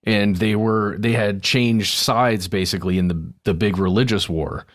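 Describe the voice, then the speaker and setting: A man's voice: on the low side, fairly even intonation, moderate pace, no echo, studio quality. A man co-hosting a podcast, asking hesitant questions and repeating words. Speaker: podcast co-host. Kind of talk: podcast conversation.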